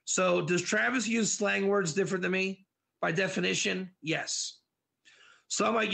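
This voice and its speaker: A male teacher whose voice sits high and bright, with a gravelly fry running under it. He leads an interactive class on Proverbs, acting out little scenes and answering students by name. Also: a little slow. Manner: animated, dramatizes examples, answers students by name. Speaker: Torah teacher.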